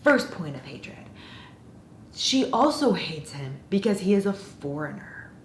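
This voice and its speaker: A woman's voice: lowish voice, big pitch swings, measured pace. A woman casually ranting in a book review, sarcastic and exasperated. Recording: roomy echo with faint noise.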